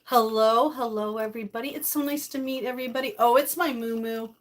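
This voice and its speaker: A woman's voice: a little high, fairly even intonation, brisk. An older woman hosting a casual live-stream cooking chat from her home kitchen, chatty and bubbly, greeting viewers by name. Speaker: livestream host.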